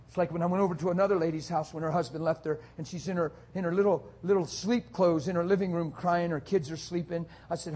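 A male pastor preaching a sermon, dropping soft and low at times and building to loud, rapid rhetorical questions. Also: steady tone. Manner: swings from soft and low to loud, high-pitched exhortation.

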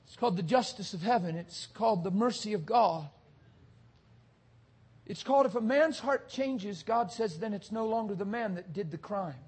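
A man preaching a passionate sermon, swinging between shouts and hushed, intimate talk. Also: high-pitched, lively intonation, normal speed, breathy edge.

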